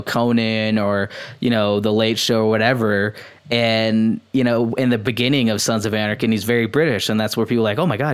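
A man's voice: lowish voice, clear, resonant tone. A man co-hosting a podcast, chatting in an easygoing, enthusiastic way. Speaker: podcast co-host. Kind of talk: casual chat.

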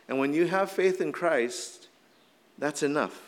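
A middle-aged man, a little hoarse from shouting, preaching a casual, conversational sermon full of "like" fillers. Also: a little high, a little slow. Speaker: pastor. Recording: long hall reverb.

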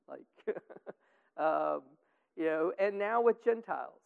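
A man with a fairly high, gravelly yet clean voice speaks slowly with lively intonation, casually leading a group Bible study full of fillers and tangents. The sound is tinny and phone-like, with lengthy reverb.

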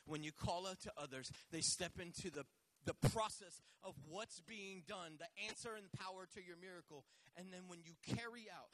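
A man preaching a live sermon, passionate, swinging between loud shouting and soft asides to the congregation. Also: high-pitched, no echo. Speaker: pastor.

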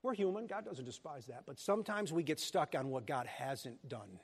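A man preaching a sermon as pastor of a church, animated and joking with his congregation. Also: on the high side, moderate pace, husky. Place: church sanctuary. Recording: long hall reverb.

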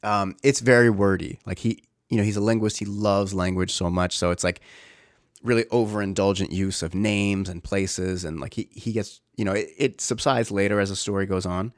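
Low-voiced reflective man, rambling. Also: fairly even intonation, normal speed, dry recording, clean studio sound. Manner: rambling, reflective, many fillers and restarts. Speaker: father. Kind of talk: casual personal talk.

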